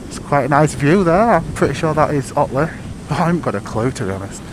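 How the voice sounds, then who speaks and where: A man's voice: a little high, expressive, fast, background noise. A man giving rambling, sweary commentary while riding a motorbike outdoors, picked up on a helmet or bike-mounted mic. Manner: rambling, sweary, self-mocking. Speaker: motorcycle vlogger.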